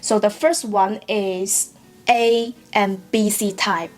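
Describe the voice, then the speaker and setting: A woman with a Chinese accent, a native Mandarin speaker, teaching a patient online language lesson, often checking in with "right?" and saying example words slowly. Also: mid-range voice, steady tone, soft background music. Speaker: Mandarin tutor.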